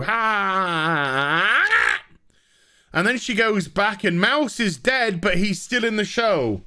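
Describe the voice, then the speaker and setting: A man's voice: high-pitched, lively intonation, slow, pushed and bright, smooth. A man ranting through a sarcastic, exasperated TV episode review, mocking the characters as he recounts the plot.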